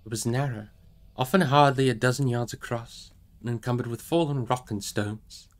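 A man reading a fantasy novel aloud on a live stream in a steady, measured way. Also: medium pitch, soft background music. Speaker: audiobook reader on a live stream.

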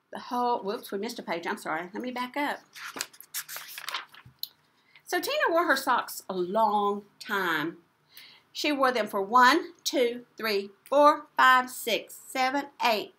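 Animated woman teacher. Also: fairly high pitch. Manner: animated and playful, asking the children questions. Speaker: preschool teacher. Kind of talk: reading a picture book to children.

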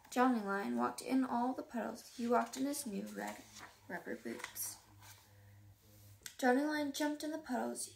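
A woman reading a children's storybook aloud, lively and playing up the sound words and dialogue. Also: on the high side, creaky, reverberant, far from the mic, a little hiss or hum. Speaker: reader.

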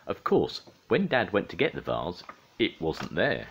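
Old guy reading a kids' story, low voice, pitch swinging all over. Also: moderate pace, husky. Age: older. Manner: lively, animated read-aloud. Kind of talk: reading a children's storybook aloud.

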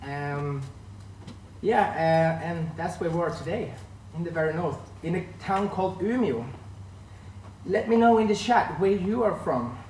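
A man's voice: a little high, a little slow, darkish tone, slight background noise. Male host, 30s, Swedish accent, casual stream chatter, distant mic in a roomy space with faint ambience. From northern Sweden. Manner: chatty, greets chat viewers by name. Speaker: line dance instructor hosting a live stream. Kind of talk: casual live-stream chat greeting viewers. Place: room at home.

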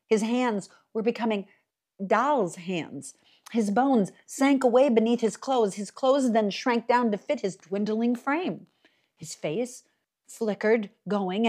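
A woman reading a novel aloud for a library reading series, with expressive, dramatic storytelling. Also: a little high. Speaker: library reader.

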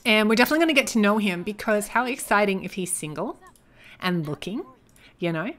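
A young woman chatting casually as she comments on her life-simulation gameplay, excitable and joking as she reacts. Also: medium pitch, brisk. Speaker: gaming YouTuber.

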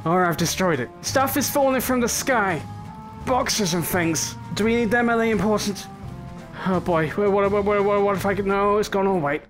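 A young man giving excitable gameplay commentary, full of swearing and mock threats. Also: sits high, normal speed, soft background music. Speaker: gaming YouTuber.

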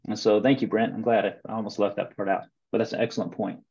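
A man's voice: on the low side, level tone, quick pace, vocal fry, darkish tone, breathy edge. Folksy man on muffled audio. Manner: folksy, storytelling, asks questions. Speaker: webinar host for soccer coaches. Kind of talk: casual coaching talk.

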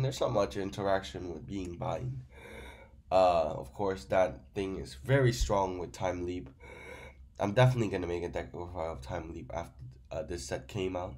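A man's voice: deep voice, a little mellow. Sick man rambling through a card review. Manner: non-native grammar, rambling with fillers. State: sick, stuffy voice.

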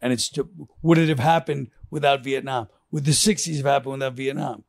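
A man's voice: medium pitch, steady tone, a little fast, gravelly, a little mellow, no echo, studio quality. An older man, a guest on a podcast, thinking aloud in a rambling, musing way. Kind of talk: casual chat.

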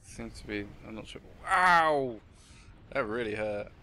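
A man chatting casually while playing a game, joking and self-mocking, with excitable outbursts. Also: lowish voice, fairly quick. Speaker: gamer co-host. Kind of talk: casual gameplay chat.

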